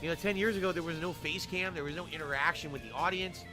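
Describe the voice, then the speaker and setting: A man's voice: on the high side, quick pace. A man in his forties talking on a stream clip, tearful and self-mocking. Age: 40s. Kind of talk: stream recap talk. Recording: clip with clear music behind.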